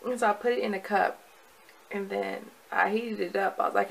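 A woman's voice: medium pitch, fairly even intonation, brisk, creaky, low-quality recording. A woman recording a casual video diary at home, chatty and rambling, with many fillers and restarts. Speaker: vlogger.

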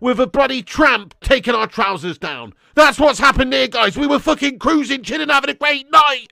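High, gravelly, shouting man. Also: animated, normal speed, few pauses, no echo, clean studio sound. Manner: ranting, sweary, shouting in frustration. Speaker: football fan streamer. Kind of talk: ranting match watchalong.

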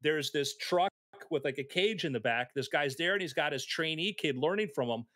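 A man telling anecdotes in a casual chat, animated and acting out the voices of people in his stories. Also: on the high side, moderate pace, no room sound. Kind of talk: casual storytelling.

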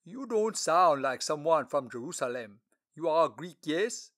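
A man voicing a dignified royal treasurer in an audiobook story, speaking slowly and formally. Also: fairly high pitch, expressive, fairly bright tone, dry recording, clean studio sound. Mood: stately. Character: dignified Ethiopian lord treasurer, courteous older official.

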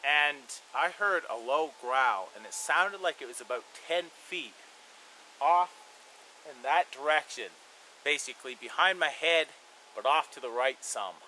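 A man with a bright, sharp voice, pitched a little above the usual, tells a story casually and at an easy pace. He rambles a bit and leans on "you know" as he goes. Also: a little slow, a little hiss or hum, low-quality recording. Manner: relaxed, rambling, frequent "you know" fillers. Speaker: bushcraft and survival channel host.

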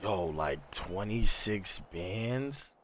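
Deep-voiced young man streaming, slangy. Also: drawn-out words, slight background noise. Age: young adult. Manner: slangy, excitable, talks straight to chat. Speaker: livestreamer. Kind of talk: casual live-stream chat over gameplay.

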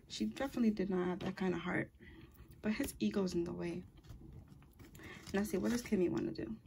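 Gravelly-voiced woman doing a chatty tarot reading. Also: medium pitch, a little fast, pauses often, warm tone, a little hiss or hum. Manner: chatty and rambling, with frequent fillers and self-corrections. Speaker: tarot reader. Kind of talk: casual tarot reading monologue.

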